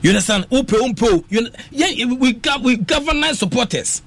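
A Ghanaian man with a strikingly high, husky voice argues about football on radio. He talks quickly, with a lot of pitch movement, and slips into sing-song phrases. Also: animated, fairly bright tone. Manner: passionate, switches between English and Twi, sing-song phrases. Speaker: radio sports talk panelist. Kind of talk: animated radio sports talk.

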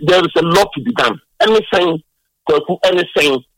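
A man's voice: high voice, fairly quick, no echo, rough recording. A man with a Ghanaian accent giving earnest, pleading sports commentary on a radio talk show, mixing in English phrases. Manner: earnest, pleading, mixes languages. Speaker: sports pundit.

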